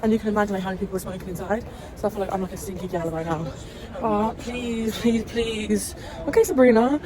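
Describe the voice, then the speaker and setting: A woman's voice: medium pitch, quick pace, crowd noise. A young British woman vlogging on her travels in a chatty, rambling way, swearing freely and laughing often. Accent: British English. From Britain. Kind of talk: casual chatty travel vlog. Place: outdoors while travelling.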